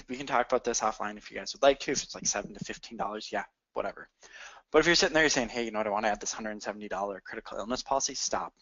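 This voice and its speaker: A man coaching insurance agents in a sales training talk, energetic and addressing listeners directly. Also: medium pitch. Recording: dull lo-fi audio.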